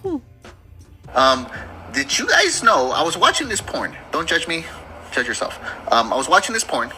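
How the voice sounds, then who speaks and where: A man tells a stand-up story in a bright, high voice that leaps up and down. He is animated and mock-pleading, laughing as he goes, with faint noise behind him. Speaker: comedian.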